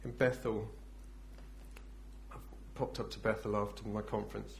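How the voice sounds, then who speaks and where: A man preaching a sermon, acting out scenes dramatically and swinging from loud bursts to hushed, intense speech. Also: fairly low pitch, little pitch movement, normal speed, vocal fry, slight background noise.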